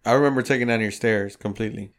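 A man with a lowish voice talks rapid-fire, telling a story as co-host of a casual podcast. He's a profane, animated storyteller who acts out each quote.

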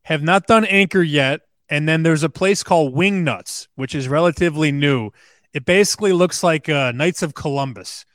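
A man's voice: a little high, moderate pace, a bit bright, no room sound, studio quality. A man appearing as a sports betting analyst guest on a radio show, talking in a conversational, storytelling way. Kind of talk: radio interview.

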